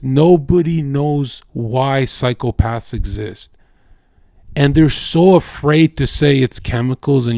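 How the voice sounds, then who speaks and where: A man's voice: mid-range voice, dark tone, no room sound, clean studio sound. A man streaming live, talking in a casual, profane, rambling way and often saying "bro" and "like". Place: home streaming setup.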